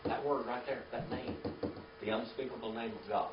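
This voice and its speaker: A man leads a Bible class, firing questions at the group and drilling Hebrew words out loud. His voice sounds roomy and comes from some distance off the mic. The recording is dull and lo-fi, with faint room noise underneath. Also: mid-range voice, steady tone, moderate pace. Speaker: Bible teacher. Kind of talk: Bible class teaching with call-and-response.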